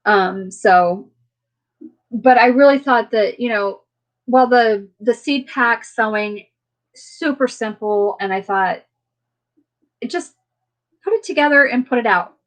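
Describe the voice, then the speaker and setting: A woman's voice: fairly high pitch, slow, long pauses. Woman, live-stream host, friendly and rambling, answering her viewers and chatting casually. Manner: rambling, chatty, many fillers; warm, friendly toward viewers.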